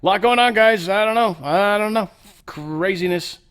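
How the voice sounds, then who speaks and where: A man's voice: high-pitched, normal speed, fairly bright tone, clear, resonant tone. A man hosting a casual news commentary show, talking in a rambling, offhand way with lots of fillers and restarts. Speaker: show host.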